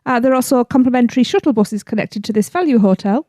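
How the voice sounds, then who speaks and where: A woman's voice: fairly high pitch, fast, dark tone, no room sound. A British woman hosting a podcast in a bubbly, playful chat, laughing often. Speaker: podcast host.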